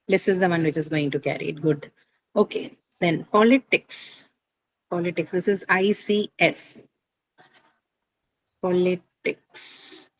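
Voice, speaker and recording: A woman's voice: lowish voice, moderate pace, low-quality recording. A woman teaching a class on English word stress, explaining patiently with many fillers and frequent checks like "right?".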